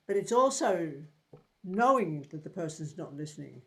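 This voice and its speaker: A man's voice: sits high, very animated, moderate pace, a bit bright. A man in his seventies teaching a tarot group in a casual, blunt way, swearing freely and repeating words while he thinks. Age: 70s.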